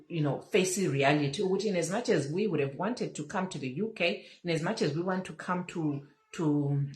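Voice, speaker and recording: A woman's voice: deep voice, poor audio. A woman hosting a casual Facebook live chat on her phone, earnest and repeating her phrases, slipping in Zulu words. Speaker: livestream host.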